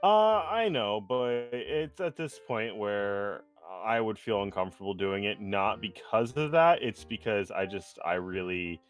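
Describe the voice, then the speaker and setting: A man co-hosting a podcast who talks in an animated, casual way, laughs often and swears freely. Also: on the low side, a little slow, hardly any pauses, soft background music. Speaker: podcast co-host. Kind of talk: casual chat.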